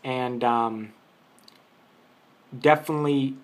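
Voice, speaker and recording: A man's voice: medium pitch, fairly even intonation, takes it slowly. A man giving an unscripted boxing opinion in a vlog, arguing his point, rambling and restarting his sentences. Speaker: boxing commentator.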